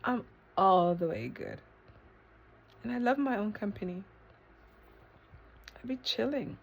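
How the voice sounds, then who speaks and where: A woman vlogging a reflective self-talk monologue, rambling with lots of fillers and breaking into sudden high exclamations. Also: lively intonation, measured pace, gravelly, highs cut off, slight background noise. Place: eating ice cream while filming herself.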